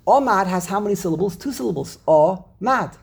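Gravelly, husky man teaching grammar. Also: high voice, a little slow, darkish tone. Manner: explanatory, repeats words while thinking. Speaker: Torah teacher. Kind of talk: classroom lesson on Hebrew grammar.

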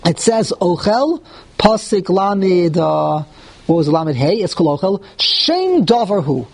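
A man teaching a Talmud class to students in a room, animated and repeating words as he thinks aloud, often asking the class questions and answering them himself. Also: sits high, measured pace. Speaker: Torah teacher.

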